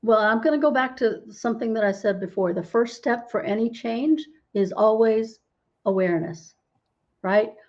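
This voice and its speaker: A woman's voice: fairly high pitch, normal speed, a little mellow, dull audio. A middle-aged woman, a holistic healer, explaining as a podcast interview guest and often asking "right?" to check in. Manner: explanatory, tags lines with "right?".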